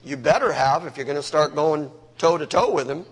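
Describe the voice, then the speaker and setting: A man's voice: a little high, a little fast, hardly any pauses, breathy edge. A male preacher giving a sermon in a church hall, emphatic and conversational, talking straight to the congregation.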